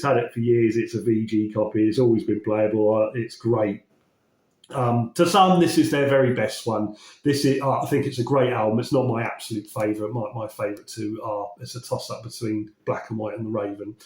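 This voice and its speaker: A man from England chatting casually about records he collected, his voice slightly croaky after a cold, enthusiastic and often correcting himself mid-sentence. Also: lowish voice, a little mellow. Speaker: vinyl collecting vlogger. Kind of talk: casual chat. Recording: roomy echo.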